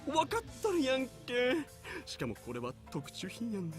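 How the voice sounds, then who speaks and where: A flashy, boastful young man who rattles along with a thick Kawachi Kansai drawl, swinging his pitch up and down as he brags. He rushes every line at top speed, game music swelling behind him. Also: wildly swooping pitch, heavily acted. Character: brash flashy blond rich young man.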